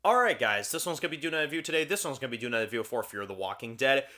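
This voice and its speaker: A man's voice: medium pitch, expressive, racing, pushed and bright. A man hosting his own TV review channel, talking casually and frankly to viewers and often repeating words as he thinks. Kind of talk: casual on-camera review talk.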